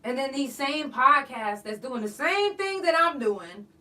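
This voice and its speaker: A woman's voice: high voice, animated, a little slow, sharp tone, a little hiss or hum. A woman hosting a podcast, ranting bluntly and profanely in an emphatic, outspoken monologue. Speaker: podcast host. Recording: voice a bit far from the mic.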